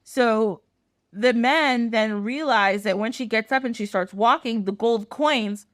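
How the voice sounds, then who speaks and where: A woman's voice: a little high, measured pace, a bit bright, dry recording, clean studio sound. A woman podcast host telling a fairy tale in a chatty, casual way full of fillers and swearing. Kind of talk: casual storytelling.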